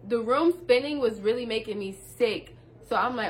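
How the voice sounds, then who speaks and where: A young woman, telling a story to her viewers in a casual vlog, animated and laughing as she talks. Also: fairly high pitch, normal speed, slight background noise.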